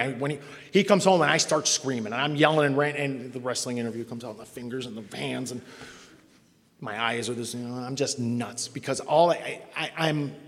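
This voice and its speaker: A middle-aged man telling his own recovery story to a meeting, in a candid, self-mocking way. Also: medium pitch. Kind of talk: personal testimony to a meeting. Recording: long hall reverb.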